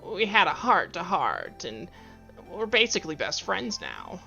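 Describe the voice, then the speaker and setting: A man's voice: high voice, wildly swooping pitch, a little slow, creaky, pushed and bright, voice pushed up, exaggerated voice. A man voicing Clive, a pompous and boastful male rival fighter in a tabletop game, with slightly dull sound and faint music behind. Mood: smug.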